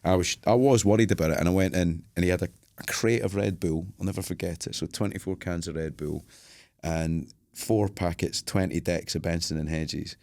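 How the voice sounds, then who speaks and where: A man's voice: sits low, fairly quick, gravelly, a little mellow, dry recording, studio quality. A man, a podcast co-host telling a long story in casual chat, swearing freely and acting out everyone he quotes.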